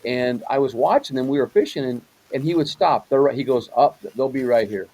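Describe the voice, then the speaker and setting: Husky, mellow-voiced man host. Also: mid-range voice, brisk, low-quality recording. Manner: loose, rambling, lots of fillers and backchannel. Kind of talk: casual interview chat.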